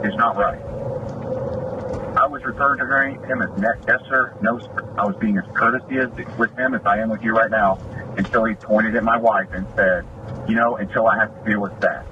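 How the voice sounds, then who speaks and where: Aggrieved deputy in muffled, noisy footage. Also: male voice, mid-range voice. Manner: aggrieved, retelling a confrontation with quoted dialogue. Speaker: sheriff's deputy. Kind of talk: venting in a recorded police video. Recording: muffled lo-fi video with loud background noise.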